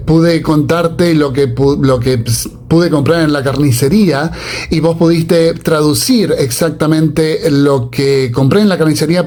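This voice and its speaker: A man with an Argentine Spanish accent, a native Spanish speaker, chatting with halting speech, fillers and restarts. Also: a little high, a little mellow. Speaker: host. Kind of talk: casual chat.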